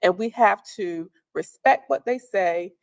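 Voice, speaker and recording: A middle-aged woman giving a parenting workshop in a calm, conversational way, often repeating phrases. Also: mid-range voice, unhurried, gravelly. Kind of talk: instructional talk.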